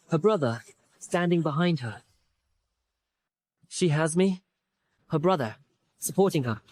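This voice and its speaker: A fierce, protective young general and elder brother, speaking in a forceful, indignant tone. His voice sits fairly high for a man and sounds dry and close, with no room around it, in a dubbed period drama. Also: no echo.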